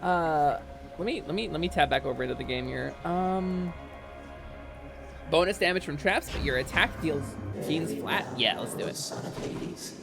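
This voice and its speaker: Woman streamer, casual gaming chat, very lively voice, faint music underneath. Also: on the low side. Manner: animated, swings into loud mock outrage and laughter.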